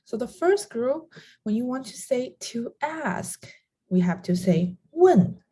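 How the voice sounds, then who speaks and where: A woman's voice: fairly high pitch, lively intonation, a little slow, dark tone, slightly rough. A young adult woman, a native Chinese speaker, teaching a beginner lesson on tones and voicing each tone to demonstrate it. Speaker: language teacher.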